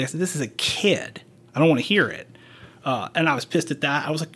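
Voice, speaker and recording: A man's voice: on the high side, animated, brisk, a bit bright, breathy edge. A man working as a paramedic, chatting frankly on a podcast, swearing and acting out quoted dialogue as he tells his stories. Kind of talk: casual podcast chat, storytelling.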